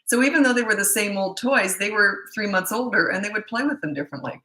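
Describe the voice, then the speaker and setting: A woman's voice: mid-range voice, expressive, fast talker, pushed and bright, reverberant, rough recording. A middle-aged woman parenting coach answering questions in a blunt, opinionated, casual way. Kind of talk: casual Q&A talk to camera.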